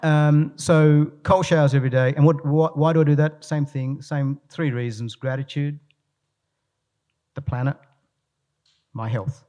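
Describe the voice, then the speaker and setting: A man's voice: fairly high pitch, unhurried, pauses often. A man giving a live talk to an audience, telling anecdotes with lots of restarts. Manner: animated storyteller, frequent restarts. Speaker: guest speaker, leadership coach.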